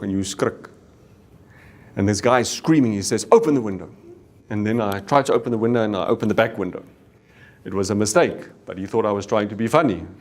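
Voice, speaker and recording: A man's voice: medium pitch, a little mellow. South African man telling a story. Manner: candid storyteller, acts out dialogue, Afrikaans exclamations. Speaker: company CEO giving a talk. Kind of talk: personal story told to staff.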